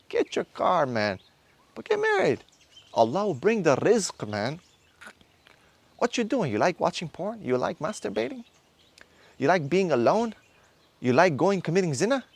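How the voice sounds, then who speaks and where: His voice runs on the higher side and carries some vocal fry. He's in his thirties, teaching a men's course, and his impassioned pep talk bombards listeners with one rhetorical question after another.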